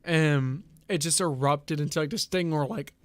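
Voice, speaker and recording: Casting note: man streamer, slightly high voice, dry close sound, rambling storyteller. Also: moderate pace, no room sound. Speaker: streamer host. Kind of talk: casual chat on a live stream.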